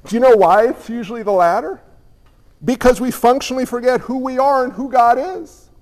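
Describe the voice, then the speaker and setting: Emphatic preacher with a high voice. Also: male voice, brisk, darkish tone. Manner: emphatic, questioning, storytelling. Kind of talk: sermon. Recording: long hall reverb.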